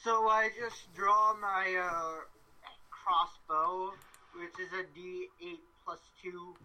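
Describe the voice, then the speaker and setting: Bright-toned, playful tabletop player. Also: medium pitch, steady tone, slow pace, rough recording. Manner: playful, laughing in-character quips. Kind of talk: casual tabletop play.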